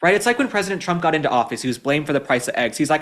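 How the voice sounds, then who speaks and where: A male commentary host from Texas in an indignant, mocking rant. His voice runs high and leaps about in pitch, and he keeps the delivery lively and sarcastic. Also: very fast, few pauses. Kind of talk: political commentary.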